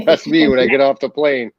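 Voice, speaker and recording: A man's voice: mid-range voice, no room sound. A man chatting casually as a guest, playful and jokey. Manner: playful, jokey, laughs often. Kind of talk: casual chat. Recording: dull lo-fi dry sound.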